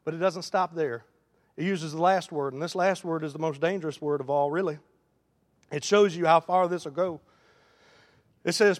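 A man preaching a sermon in a folksy manner, building to loud, emphatic runs. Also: a little high, moderate pace, long pauses. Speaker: pastor. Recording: long hall reverb.

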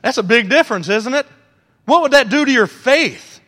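A man preaching a sermon, animated and joking with the congregation, acting out quotes. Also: extremely high pitch, normal speed. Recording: long hall reverb.

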